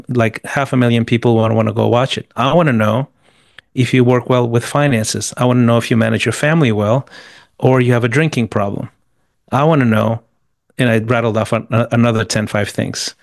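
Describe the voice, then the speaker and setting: A man's voice: medium pitch, no room sound. A man answering interview questions with motivational business advice, emphatic and repeating words as he rattles off lists. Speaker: guest.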